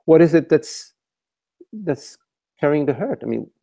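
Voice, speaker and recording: Man, spiritual teacher, gravelly, mellow, repeats himself while thinking, dry sound, online call. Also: a little high, sing-song, unhurried, no room sound. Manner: searching, repeats and restarts phrases. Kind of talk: contemplative dialogue over a call.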